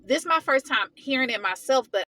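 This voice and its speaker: Casual woman vlogger, fairly high and bright, venting hard in slangy talk. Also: a little fast, dry recording. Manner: animated, venting, heated. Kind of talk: casual storytelling vlog.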